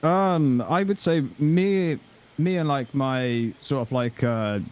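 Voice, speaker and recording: A man's voice: on the high side, takes it slowly, darkish tone. A man from England chatting hesitantly, with lots of fillers. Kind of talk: casual chat.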